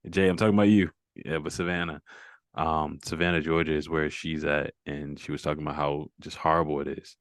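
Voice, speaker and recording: Guy with a real low voice, fitness coach chatting on a call, lots of mm-hmms, dry sound. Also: dry recording. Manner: encouraging, lots of "mm-hmm" affirmations. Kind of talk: casual video call check-in.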